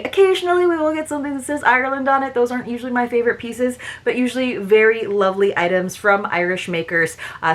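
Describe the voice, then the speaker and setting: A woman's voice: mid-range voice, fairly bright tone. A woman reviewing a subscription box in a casual, chatty unboxing, with many small asides.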